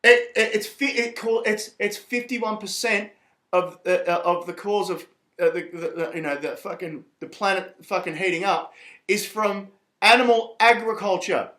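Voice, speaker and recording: A man's voice: high voice, moderate pace, pushed and bright, reverberant. A man, talking to camera in a profane, rambling and heated monologue. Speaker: vlogger.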